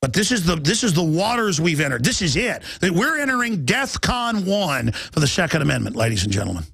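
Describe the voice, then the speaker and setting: A middle-aged man hosting a political talk radio show, ranting urgently and reading headlines aloud in quick bursts. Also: on the high side, big pitch swings, creaky, fairly bright tone, slightly rough, dry recording. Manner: urgent, alarmed, rapid-fire ranting.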